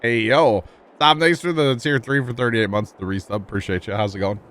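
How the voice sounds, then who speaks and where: A man's voice: mid-range voice, a little fast, a bit bright, a little hiss or hum. A man streaming a farming game, chatting casually in a joking, wry way and talking to his chat. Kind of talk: casual chat while gaming.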